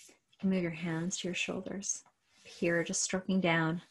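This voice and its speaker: A woman coach leads listeners through a tapping exercise, repeating single words slowly and softly. Her voice sits a little low and has a husky edge. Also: little pitch movement. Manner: slow, repetitive guiding cues. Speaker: coach and trainer.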